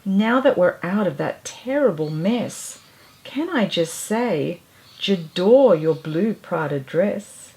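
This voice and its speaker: A woman voicing a sweet, kind and excitable little female mouse in a storybook reading. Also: lowish voice, slow. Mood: eager.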